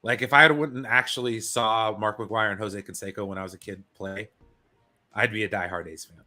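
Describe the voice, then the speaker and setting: Bright-voiced man, swearing sports fan. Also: on the low side, fairly even intonation, normal speed, soft background music. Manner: enthusiastic, swears, says "dude" a lot. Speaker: guest co-host. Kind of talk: casual sports chat.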